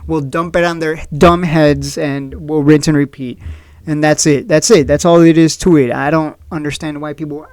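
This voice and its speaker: A man's voice: on the high side, steady tone, normal speed, darkish tone, dry recording. Blunt, opinionated man with a dry close mic. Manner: blunt, opinionated, sarcastic, often laughs at critics. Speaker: stock market video host. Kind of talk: casual trading commentary.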